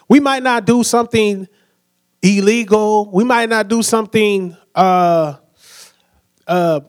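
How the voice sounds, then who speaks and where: A man preaching a sermon in a relaxed, conversational way, often asking his listeners questions and acting out quotes. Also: high voice.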